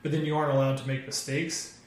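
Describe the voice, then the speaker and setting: A man who handles the numbers in a small business, calmly explaining his planning in a casual interview. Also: mid-range voice, fast. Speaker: business partner, numbers person. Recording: very echoey room.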